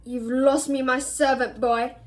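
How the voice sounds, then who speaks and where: A woman voicing a haughty aristocratic man, speaking slowly with cold contempt. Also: sits high, level tone. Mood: contemptuous.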